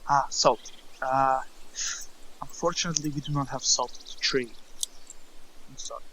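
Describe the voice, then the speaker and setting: A man's voice: medium pitch, steady tone, a little slow, fairly bright tone, slight background noise, low-quality recording. A man voicing a polite young woman who sells spices, speaking plainly and apologetically. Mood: apologetic.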